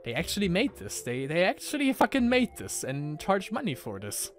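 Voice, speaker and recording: A man's voice: high-pitched, wildly swooping pitch, moderate pace, faint music behind. A young man giving casual, sarcastic, profane commentary on a game he plays. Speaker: gaming video host.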